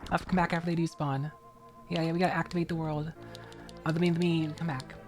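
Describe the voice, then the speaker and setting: A woman's voice: low voice, level tone, fast, faint music behind. A woman streamer chatting casually while playing a game, laughing often and thanking viewers from chat.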